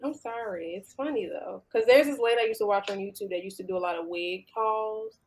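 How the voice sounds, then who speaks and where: A woman's voice: mid-range voice, a little fast, a little hiss or hum, rough recording. A woman with a Chicago accent, chatting easily in a casual panel talk. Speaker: panel co-host.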